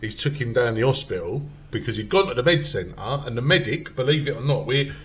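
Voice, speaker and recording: A comedy podcast host tells a rowdy story in casual chat, swearing freely and loudly acting out the quotes. His medium-pitched voice is expressive and fairly quick, and the audio has the highs cut off plus a little hiss or hum.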